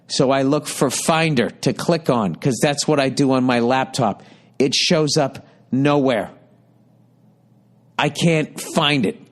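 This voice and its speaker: Fifty-something guy ranting on his podcast, swearing nonstop, rambling story, mid pitch. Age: 50s. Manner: profane, exasperated, rapid ranting. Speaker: podcast host. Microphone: podcast studio mic.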